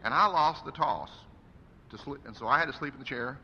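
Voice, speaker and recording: A man's voice: medium pitch, a little fast, bright, forceful tone, slight background noise. A man delivering an earnest, preacherly eulogy for his father at a funeral service. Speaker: son giving a eulogy. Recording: echoey hall, dull lo-fi sound.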